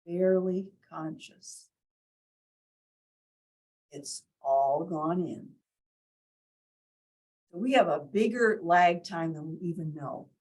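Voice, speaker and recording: A woman's voice: fairly low pitch, slow, pauses often, darkish tone, rough recording. A woman leading a workshop in an indoor meeting room, teaching and quizzing the group, demonstrating different tones of voice. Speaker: workshop leader. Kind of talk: interactive teaching talk.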